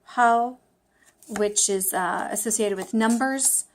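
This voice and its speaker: A woman's voice: medium pitch, a little slow. Chatty woman vlogging her study session. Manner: chatty, self-deprecating, thinking aloud with fillers. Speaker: language-learning vlogger. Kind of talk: casual study vlog.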